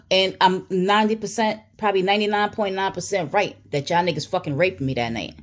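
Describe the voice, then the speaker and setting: A woman's voice: medium pitch, animated, brisk, few pauses. A woman telling a personal story straight to camera, in a blunt, emphatic and heavily profane way. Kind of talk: storytime monologue.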